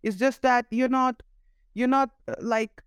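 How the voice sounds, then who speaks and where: A podcast host asking questions and musing in a reflective, halting way with restarts. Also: medium pitch, fairly even intonation, clean tone, no echo, clean studio sound. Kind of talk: conversational interview.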